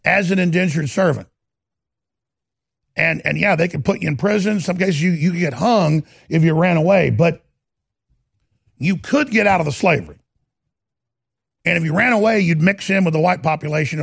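Gravelly, husky, ranting man. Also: on the high side, no room sound, clean studio sound. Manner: indignant, rambling, ranting, shouts at times. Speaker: political commentary host. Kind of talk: ranting political commentary.

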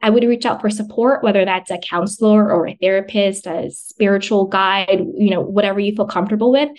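A woman's voice: mid-range voice, fairly even intonation, a little fast, darkish tone. A woman guest on a podcast, talking earnestly about self-love and often repeating phrases for emphasis. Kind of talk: conversational self-help advice.

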